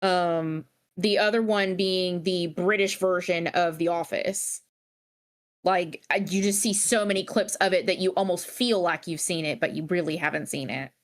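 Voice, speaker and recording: A woman's voice: on the low side, fairly even intonation, moderate pace. A woman co-hosting a live stream, telling stories in a chatty, laid-back way. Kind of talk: casual stream chat.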